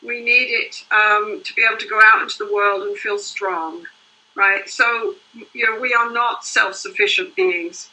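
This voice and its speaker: Older woman therapist, bright earnest voice. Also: medium pitch, steady tone, unhurried, low-quality recording. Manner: earnest, explains in long flowing runs with "you know" and "right?". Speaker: couples therapist. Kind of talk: explanatory interview answers.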